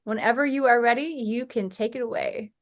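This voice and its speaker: A woman's voice: fairly high pitch, fairly even intonation, fairly quick. A woman hosting a comedy podcast, teasing her guests playfully and laughing easily. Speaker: podcast host. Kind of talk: casual comedy podcast chat.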